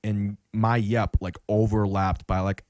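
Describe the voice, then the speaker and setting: A man's voice: lowish voice, flat delivery, a little slow, a little mellow, no echo, studio quality. A young man hosting a podcast, telling a rambling, profane story full of fillers. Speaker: podcast host. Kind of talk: casual chat.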